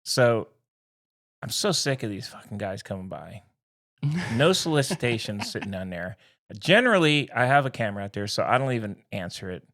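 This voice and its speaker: A man's voice: lowish voice, sing-song, moderate pace, fairly bright tone. A man in his fifties co-hosting a casual podcast, ranting grumpily and swearing freely. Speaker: podcast co-host.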